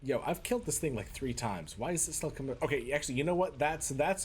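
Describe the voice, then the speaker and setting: A man's voice: mid-range voice, lively intonation, quick pace, a little hiss or hum. A man streaming a video game live in a put-on Boston and New York accent, chatting with his viewers and tossing out mock-tough asides as he plays. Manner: chatty, talks to chat while playing, mock-tough asides. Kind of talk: live gaming commentary.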